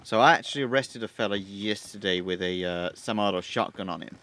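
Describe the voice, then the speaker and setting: A fairly low-voiced man plays a lawman in a roleplay, talking quickly and casually as he asks around. His questions roll out loosely with small restarts. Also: fairly bright tone. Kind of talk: casual in-character roleplay chat.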